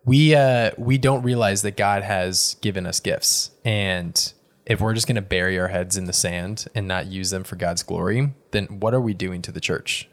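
A man hosting a casual faith podcast, relaxed and quick to laugh, often correcting himself mid-sentence. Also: sits low. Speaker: podcast host.

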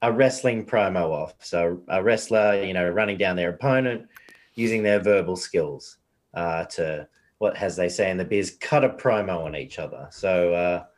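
A man's voice: low-pitched, normal speed. A man still recovering from an illness, on a poor video call from a bathroom, laid-back and swearing. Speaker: league commissioner. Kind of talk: casual chat on a video call. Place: bathroom, door shut. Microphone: video call on a poor connection.

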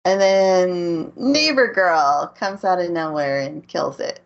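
Female podcast co-host, slow and easygoing, laughs a lot, muffled lo-fi sound. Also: on the low side. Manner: laughs often, unhurried recap. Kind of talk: casual chat recapping an anime.

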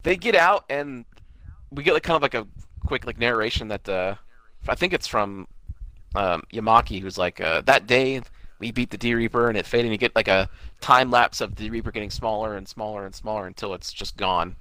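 Casual bright-voiced man recapping an episode. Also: on the low side, a little fast, no room sound, low-quality recording. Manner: rambling, loose recap with fillers and swearing. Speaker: podcast co-host recapping an anime episode. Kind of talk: casual chat.

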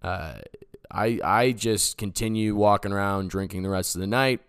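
A man's voice: fairly low pitch, moderate pace, smooth, no echo, studio quality. A man in his twenties, a podcast host, telling a personal story in a loose, rambling way, full of "like" and "you know". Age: 20s. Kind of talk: casual storytelling.

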